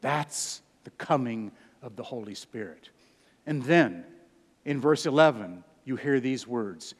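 A pastor in his sixties preaching a sermon, swinging from loud emphatic peaks down to hushed low phrases. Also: expressive, slow, husky. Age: 60s. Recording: hall reverb.

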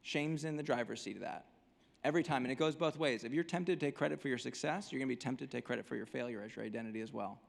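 A man's voice: mid-range voice, very fast, vocal fry, in a large hall. A male pastor preaching a sermon, emphatic and full of repeated rhetorical questions.

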